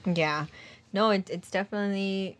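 A woman's voice: medium pitch, normal speed. Sarcastic laughing American woman host. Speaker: podcast host. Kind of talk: casual podcast chat.

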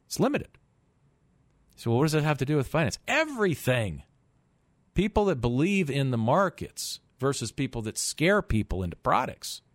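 A middle-aged man hosts a finance radio show from the studio. His voice is a medium pitch but swings widely as he gets emphatic, tossing out rhetorical questions and tripping over repeated words. The sound is close and dry. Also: very animated, moderate pace, dry recording. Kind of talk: call-in radio talk monologue.

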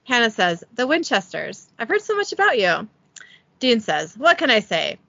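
Bright, lively woman recapping a script. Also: a little high, normal speed, vocal fry, dry recording, highs cut off. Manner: giggly, self-deprecating, reads quotes with little voicing. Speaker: podcast host recapping an episode. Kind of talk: casual chat reading a script recap aloud.

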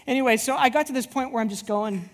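A woman preaching a sermon as a youth pastor, with a husky, slightly breathy voice. She tells her stories with animation and slips into the voices of the people in them. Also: fairly high pitch, quick pace. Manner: animated storyteller who acts out dialogue. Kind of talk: sermon with personal storytelling.

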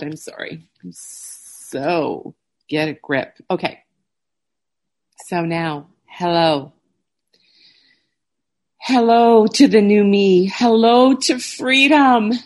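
A middle-aged woman who vlogs, reading a personal letter aloud and speaking to her viewers in a halting, emotional way. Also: mid-range voice. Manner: emotional, halting, soft-spoken. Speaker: vlogger.

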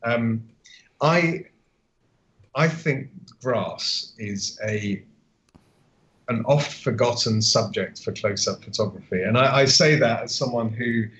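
A man's voice: medium pitch, slow pace, fairly bright tone. A man co-hosting a casual photography podcast, talking in a rambling way with many restarts. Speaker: podcast co-host. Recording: dull lo-fi call audio.

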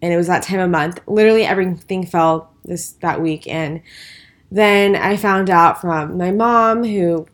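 A woman's voice: lowish voice, normal speed. A tired, stressed woman co-hosting a casual podcast, talking in a rambling, hesitant way with lots of fillers. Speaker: podcast co-host. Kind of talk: casual chat.

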